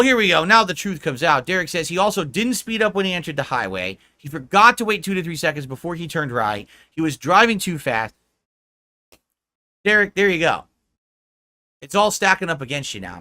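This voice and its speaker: A man's voice: fairly high pitch, bright, forceful tone. A man livestreaming, ranting in a profane, mocking, combative way.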